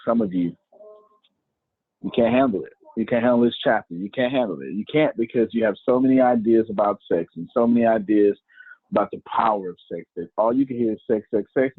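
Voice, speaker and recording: A man teaching in a preaching style, repeating key phrases slowly for emphasis. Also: mid-range voice, slightly rough, no echo. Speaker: teacher leading an online class. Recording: tinny phone-like line.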